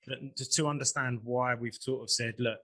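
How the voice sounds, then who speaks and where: A man co-hosting a podcast in casual chat, earnest and halting with many restarts. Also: medium pitch, fairly even intonation, pushed and bright. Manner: hesitant, full of restarts, earnest. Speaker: podcast co-host and group moderator.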